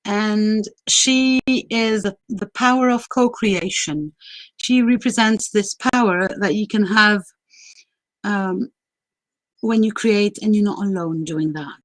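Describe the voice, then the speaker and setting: A woman's voice: medium pitch, slow, no room sound, rough recording. Chatty woman hosting a live stream, dry sound. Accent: mixed international. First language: French and Greek. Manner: chatty, laughs often, many fillers. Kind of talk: casual livestream talk.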